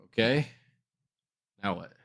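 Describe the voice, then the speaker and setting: A woman co-hosting a casual podcast, teasing, blunt and sarcastic, with casual swearing. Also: takes it slowly. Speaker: podcast co-host.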